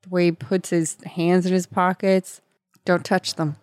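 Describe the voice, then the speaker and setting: Woman, unhurried, wry, casual watch-along chat, dry mic. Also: lowish voice, level tone, darkish tone, smooth, dry recording. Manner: unhurried, wry, drawn-out reactions. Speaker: co-host watching a film.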